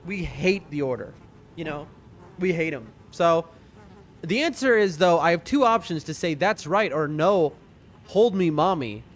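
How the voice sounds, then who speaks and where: A man's voice: a little high, animated, moderate pace, a little hiss or hum. A young man streaming a video game, joking casually and talking to his chat. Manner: joking, chatty, addresses chat. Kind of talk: casual live-stream commentary.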